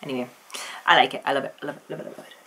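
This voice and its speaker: Low-voiced chatty woman. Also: fairly even intonation, racing, sharp tone, a little hiss or hum. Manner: enthusiastic, chatty, rambling with restarts. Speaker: vlogger. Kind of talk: casual opinion rant.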